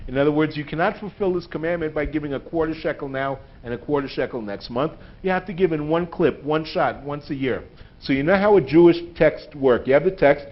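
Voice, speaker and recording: Animated man lecturing in a synagogue. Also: on the high side. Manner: animated storyteller, often adds "right?". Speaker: teacher lecturing a synagogue audience. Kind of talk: lecture with humor. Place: synagogue hall. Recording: dull lo-fi livestream sound.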